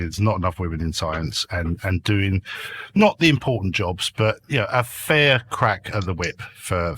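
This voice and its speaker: A man's voice: low voice, fairly bright tone. A man guest on a casual podcast, chatty and jokey, breathing a little heavily into a noise-cancelled mic. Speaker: guest YouTuber. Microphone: headset mic with noise cancelling.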